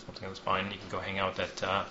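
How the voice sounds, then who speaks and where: A man's voice: sits low, monotone, fast talker. A man narrating as game master in a loose, joking way, often swearing and poking fun at himself. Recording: echoey room, dull lo-fi sound, faint hiss.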